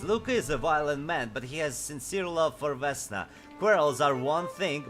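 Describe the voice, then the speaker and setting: A man with as his gives casual, upbeat commentary while he plays a game. He reacts with enthusiasm and reads the item descriptions aloud, with soft music under his voice. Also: medium pitch. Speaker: gaming streamer. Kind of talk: casual let's-play commentary.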